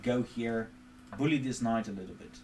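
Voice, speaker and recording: A man's mid-range, darkish voice comes at a normal speed as he streams chess from his home setup. He thinks aloud to explain each position and move, with dry digs at himself along the way. A little hiss or hum can be heard.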